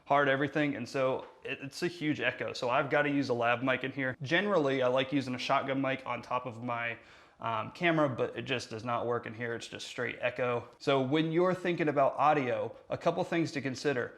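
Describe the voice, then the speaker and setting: Brisk and medium-pitched, this man hosts a casual marketing how-to tutorial on a lav mic. His energy is high, his inflection lively, and he gestures as he talks, all in a hard-surfaced room.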